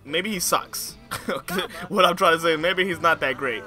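A young man giving excitable, joking let's play commentary in slangy casual speech. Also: on the high side, moderate pace, faint music behind. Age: young adult. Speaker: gamer.

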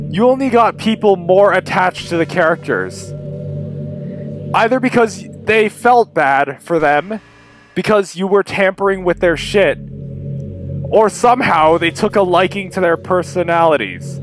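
A young man doing excitable, sweary commentary while playing a game. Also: high voice. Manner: excitable, sweary, quick swings between yelling and muttering. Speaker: gaming video creator. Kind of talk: let's-play commentary.

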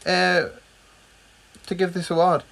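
A man with a British accent, co-hosting a podcast with crude, deadpan joking banter. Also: high-pitched, slow pace, vocal fry. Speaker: podcast co-host. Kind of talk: casual podcast chat.

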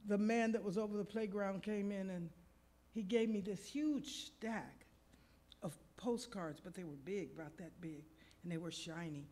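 A woman preaching in church recounts a personal story with animation, taking on the voices of the people she describes. Her pitch is medium and her pace is normal.

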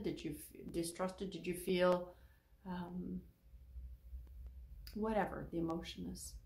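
A woman counselor gives a faith-based teaching talk, voice carrying a gravelly edge. She is animated and slips into little acted-out quotes. The sound rings a bit in a roomy space. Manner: animated, acts out quoted speakers with pitch jumps.

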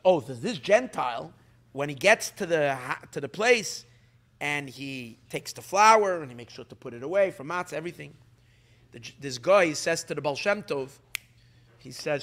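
A man, a rabbi, telling a Hasidic story at a community gathering, in a halting way with frequent restarts, fillers and Yiddish words. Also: on the high side, lively intonation, fairly bright tone. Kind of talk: storytelling talk. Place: community gathering, evening meal.

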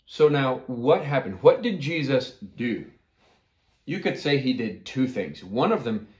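A man's voice: mid-range voice, a little mellow. A man teaching a children's Bible class, telling a story and asking his listeners questions. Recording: echoey room.

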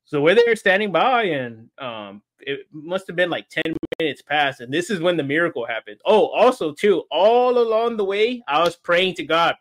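A man, an interview guest, telling a story in casual chat, animated and laughing often. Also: fairly high pitch, moderate pace, hardly any pauses. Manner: animated, acts out quoted voices, laughs often.

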